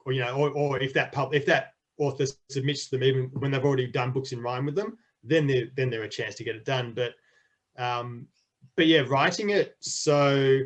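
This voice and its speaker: A middle-aged man, a children's author, chatting enthusiastically in an interview with frequent restarts. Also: medium pitch. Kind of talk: casual interview chat.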